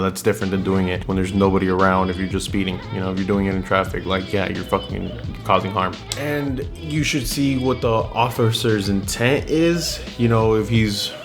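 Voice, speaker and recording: Brief: young adult man, lowish voice, profane heated storytelling rant, music bed underneath. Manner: blunt, swears constantly, slangy and heated. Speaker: vlogger.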